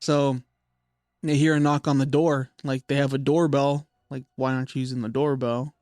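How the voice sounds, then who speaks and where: A man's voice: mid-range voice, level tone, normal speed, darkish tone, no echo, studio quality. A young man hosting a podcast, casually retelling a spooky story with lots of fillers and swearing. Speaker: podcast host.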